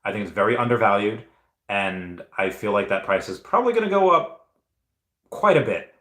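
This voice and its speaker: A man with a fairly low voice hosts a casual livestream, chatting through viewer comments. He rambles enthusiastically and stops and restarts often. His voice rings out in a roomy, echoey space. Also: expressive, normal speed, sharp tone. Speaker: livestream host. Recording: roomy echo.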